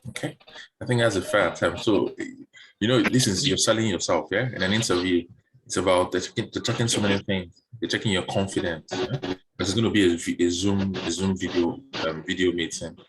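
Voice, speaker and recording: Over a video call, a man with a low voice coaches job seekers through interview questions in a relaxed online session, talking fairly quickly. He often repeats words as he thinks, and faint music plays in the background.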